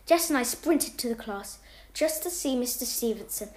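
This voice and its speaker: A woman with a fairly high, light voice reads a homemade story aloud. She is animated and jumps up in pitch and loudness for each line of dialogue. The room around her rings with echo. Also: moderate pace.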